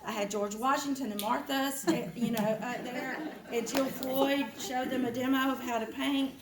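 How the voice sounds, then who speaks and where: A woman's voice: sits high, fairly even intonation, normal speed, a crowd in the background. A woman making a chatty, rambling announcement to a meeting, often laughing. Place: meeting room of an art association. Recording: roomy meeting hall.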